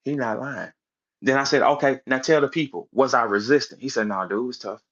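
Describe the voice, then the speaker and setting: A man's voice: mid-range voice, fairly quick, fairly bright tone. Angry man ranting on a muffled stream. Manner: profane, confrontational, mocking impressions of others. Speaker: battle rap personality on a live audio space. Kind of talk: heated rant.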